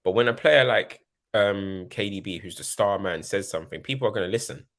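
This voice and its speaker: A man's voice: lowish voice, expressive, brisk, vocal fry, a bit bright. A man co-hosting a casual football chat, laid-back and slangy, pressing his points with asides. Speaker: football pundit co-host.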